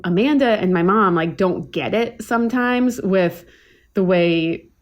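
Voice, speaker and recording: A woman's voice: mid-range voice, unhurried. Chatty woman telling rambling stories. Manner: rambling storyteller, many fillers and restarts. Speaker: guest chef. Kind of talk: casual podcast chat.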